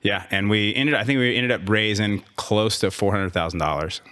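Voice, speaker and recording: A man's voice: lowish voice, moderate pace, pushed and bright. A man coaching and running a gym, telling a long story in casual interview talk, rambling and restarting, with sarcastic asides. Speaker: podcast guest, gym owner and coach.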